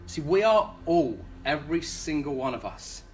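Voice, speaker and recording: A preacher talks through a sermon in an easygoing, conversational way, often restarting words and asking the congregation questions. The voice sits at a middle pitch. A faint hiss of noise runs under the recording. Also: sing-song, moderate pace.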